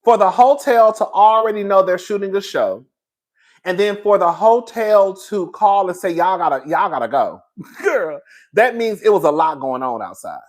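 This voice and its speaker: A man's voice: high voice, moderate pace. Gossipy man recapping reality TV. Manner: animated, gossipy, laughs a lot. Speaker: host. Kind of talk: casual reality TV commentary.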